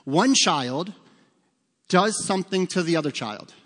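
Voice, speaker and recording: A man's voice: high voice, lively intonation, measured pace, a bit bright. A middle-aged man preaching a sermon as pastor, talking to the congregation in a conversational, humorous storytelling way with asides to the listeners. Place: church sanctuary. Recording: long hall reverb.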